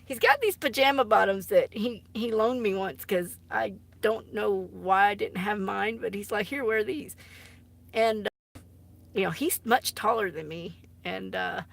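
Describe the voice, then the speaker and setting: A woman's voice: medium pitch, animated, unhurried, creaky. A woman chatting casually on a live stream, giggly and teasing, often dropping into embarrassed whispers. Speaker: artist live-streaming to viewers. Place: home art studio.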